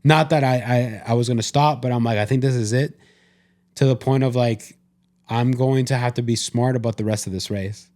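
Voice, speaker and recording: A man's voice: medium pitch, steady tone, normal speed, a little mellow. A man co-hosting a podcast, casually retelling an experience with lots of quoted self-talk and restarts. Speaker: podcast co-host. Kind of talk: casual conversation.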